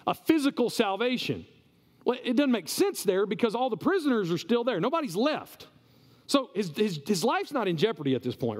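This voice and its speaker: Animated, high-voiced male pastor. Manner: animated, conversational, repeats words. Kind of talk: sermon. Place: church. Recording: reverberant church hall.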